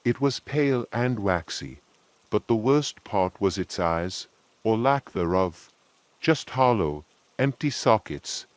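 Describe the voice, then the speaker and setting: A man reading a scripted first-person horror story in a slow, measured storytelling manner. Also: lowish voice, lively intonation, dry recording.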